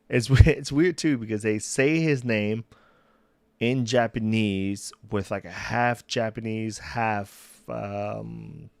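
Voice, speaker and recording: A man's voice: on the low side, fairly even intonation, takes it slowly, gravelly, no echo. A young man chatting casually on a solo livestream, rambling, restarting sentences and laughing at himself. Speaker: streamer. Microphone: desk mic.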